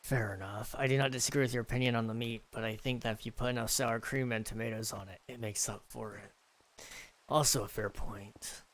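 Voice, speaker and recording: A man's voice: medium pitch, steady tone, a little fast, a bit bright. A man casually chatting with his viewers on a live stream, rambling and joking with lots of fillers. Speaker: streamer reading chat.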